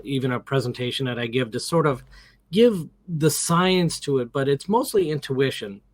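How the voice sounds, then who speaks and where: A man's voice: medium pitch, dry recording. Man, middle-aged, interview guest, casual storyteller, acts out quotes, dry close sound. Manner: animated, acts out quotes, many restarts.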